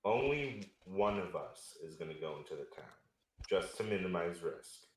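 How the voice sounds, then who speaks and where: A man playing in a tabletop game, speaking in a thoughtful, deliberate way. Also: deep voice, expressive. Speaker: player. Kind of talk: casual game talk. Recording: roomy mic with faint hiss.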